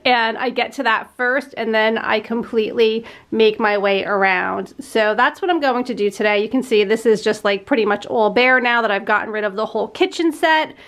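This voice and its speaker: A woman in her thirties, a vlogger chatting with viewers and getting sentimental as she clears out a room at home. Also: on the high side, moderate pace, few pauses, fairly bright tone. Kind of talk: casual vlog narration. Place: at home, in a playroom.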